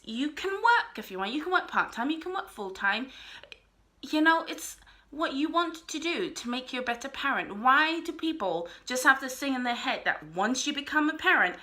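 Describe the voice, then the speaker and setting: A woman's voice: high-pitched, bright, forceful tone. A young woman vlogger talking casually to camera, earnest and a little rambling.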